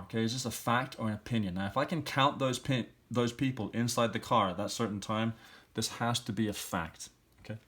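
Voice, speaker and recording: Man, fairly low voice, teacher, patient step-by-step explaining, thinking aloud. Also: steady tone, brisk, a bit bright. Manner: thinks aloud, walking through each answer patiently. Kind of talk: explaining language exercises step by step.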